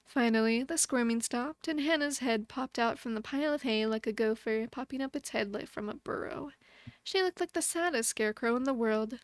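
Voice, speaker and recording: A young woman streamer reading a bedtime story aloud in a soft, motherly storybook voice. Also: on the high side, moderate pace, dry recording. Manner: chatty and thankful toward her viewers.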